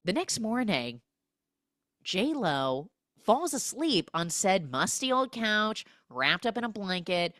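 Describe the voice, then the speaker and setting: A woman's voice: mid-range voice, very animated, slow pace, fairly bright tone, no room sound, clean studio sound. A woman hosting a podcast, recapping a movie in a chatty, comic way and acting out the characters' lines in exaggerated voices. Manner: chatty, peppered with "like" and "he's like". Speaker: podcast host.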